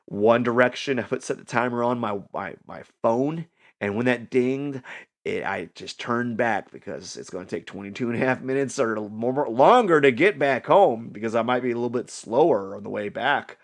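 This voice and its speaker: A man vlogging in a loose, rambling way, full of fillers and restarts, amused by his own jokes. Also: mid-range voice. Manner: mocks others in silly put-on voices. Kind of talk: casual rambling vlog.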